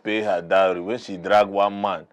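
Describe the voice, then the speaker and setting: A man's voice: deep voice, little pitch movement, moderate pace. A man with a Nigerian accent, a guest in a talk-show debate, arguing his side in an emphatic, preachy way. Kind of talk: heated debate argument.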